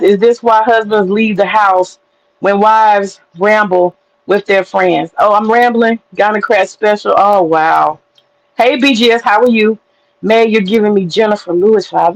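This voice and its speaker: A woman hosting a livestream, telling stories in an animated, profane way and chatting with her viewers. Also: medium pitch, rough recording. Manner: animated, profane storytelling with laughter. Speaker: livestream host. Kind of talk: casual livestream commentary.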